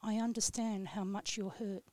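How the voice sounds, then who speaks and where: This woman recites her own poem in a slow, solemn, measured way. Her voice sits in a middle pitch with very little rise and fall. The studio sound is dry and close. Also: steady tone, dark tone, no room sound. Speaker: radio guest poet. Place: radio studio.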